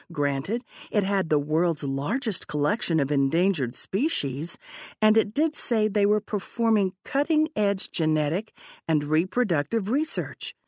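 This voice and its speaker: A woman narrating an audiobook in a measured, expressive way. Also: mid-range voice, no room sound, studio quality.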